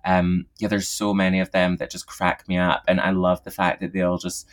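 A man's voice: sits low, monotone, normal speed. A man chatting casually as a podcast guest, laughing often and swearing freely. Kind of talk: casual chat.

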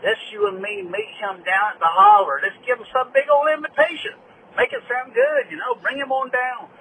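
Man voicing rowdy good-old-boy caller, folksy and rambling, high voice, bright tone, faint noise behind. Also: animated, normal speed, gravelly, exaggerated voice, rough recording.

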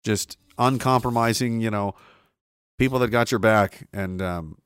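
A man's voice: lowish voice, unhurried, fairly bright tone, clear, resonant tone, dry recording, clean studio sound. A man hosting a livestream, ranting in a heated, profane way and repeating himself as he pushes his point. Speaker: livestream host.

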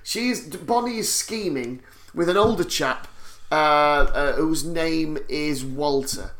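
A man's voice: on the high side, slow pace, a bit bright. Wry man recapping a film. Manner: wry, joking, swears for comic effect. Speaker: podcast co-host. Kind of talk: casual chat recapping a film.

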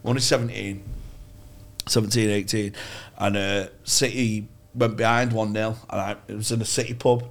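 A man's voice: on the low side, level tone, normal speed, gravelly, soft background music. Sweary Mancunian man telling a story. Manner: sweary, rambling anecdotes with frequent laughs. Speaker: podcast co-host. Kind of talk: casual storytelling chat.

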